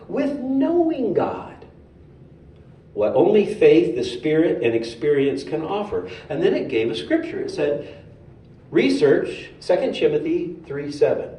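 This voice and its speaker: A man giving a sermon in a storytelling way, animated and humorous. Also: on the high side. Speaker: speaker at a spiritual center. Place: hall of a spiritual center. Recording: roomy hall, distant mic, faint noise.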